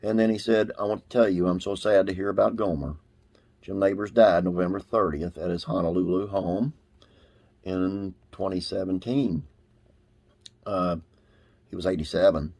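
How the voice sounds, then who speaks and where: A man's voice: deep voice, fairly even intonation, normal speed, creaky, long pauses, a little mellow. A man hosting a classic TV trivia channel, reading an article aloud in a casual way with frequent "uh" fillers.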